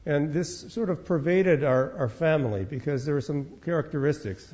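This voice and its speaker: An older man from Minnesota gives a storytelling lecture, wry and unhurried, often repeating words as he goes. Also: on the high side, darkish tone, highs cut off. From Minnesota, United States.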